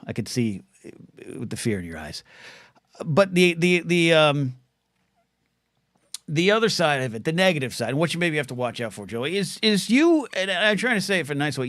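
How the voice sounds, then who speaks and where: With a medium-pitched, somewhat bright voice, the host of a solo livestream podcast tackles viewer questions, joking, wandering off topic, and often breaking off to begin again. The sound is clean studio audio with no room sound.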